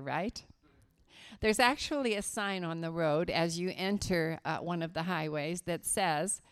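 A woman from West Virginia giving a children's sermon at church, telling a story slowly and emphatically to the kids. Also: fairly low pitch, smooth.

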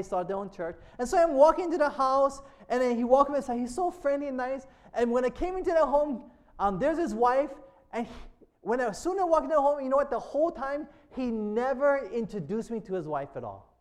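A man with a notably high voice preaches a sermon. He keeps checking in with his listeners in a call-and-response way. He slows and lifts his delivery when he reads a passage aloud. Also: a little mellow. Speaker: pastor.

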